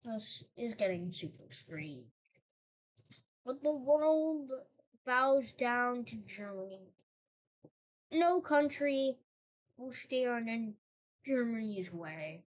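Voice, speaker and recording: Rambling woman host, slightly high voice. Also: expressive, slow pace, long pauses. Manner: rambling, breaks off into joking asides. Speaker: channel host. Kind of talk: casual storytelling narration. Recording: dull lo-fi recording.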